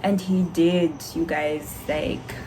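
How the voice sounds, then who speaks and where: A young woman, a doctor, telling a candid, animated story to her vlog viewers with frequent laughter. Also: deep voice, slow pace, a little hiss or hum, low-quality recording. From Zambia.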